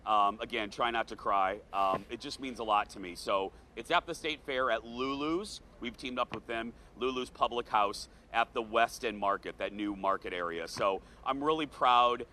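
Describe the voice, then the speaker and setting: A man from the American South hosting a morning TV show outdoors at a fair, earnest and emotional, speaking slowly. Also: medium pitch, sharp tone, a little hiss or hum. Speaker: TV show host. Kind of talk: morning TV chat. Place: outdoor state fair set.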